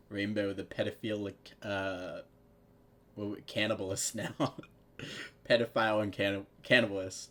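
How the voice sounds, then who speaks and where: Low-voiced man reading fanfic sarcastically. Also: flat delivery, a little slow, pauses often, a bit bright. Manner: sarcastic, laughs and swears at the text. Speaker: fanfiction reader. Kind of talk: casual read-aloud with commentary.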